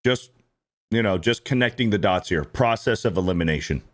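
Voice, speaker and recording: A man's voice: fairly low pitch, expressive, brisk. A man hosting a reaction show, ranting bluntly and swearing often as he comments on clips. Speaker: host.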